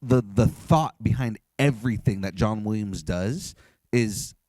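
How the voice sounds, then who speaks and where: A man's voice: fairly low pitch, measured pace, a little mellow, no room sound. A young man hosting a podcast interview, chatty and enthusiastic as a fan. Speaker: podcast host. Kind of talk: casual interview.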